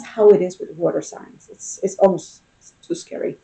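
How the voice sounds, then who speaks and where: A woman's voice: mid-range voice, fairly even intonation, normal speed, vocal fry, warm tone, rough recording. A woman giving a casual tarot reading, talking in a loose, conversational way and often checking in with "okay?" and "you know?". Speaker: tarot reader.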